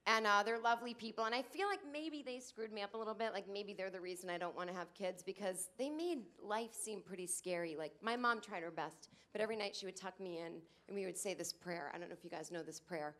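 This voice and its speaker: A woman in her late thirties doing a stand-up comedy set on a club stage, acting out other people's lines in shrill put-on voices. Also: quick pace, hardly any pauses, fairly bright tone. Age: 30s.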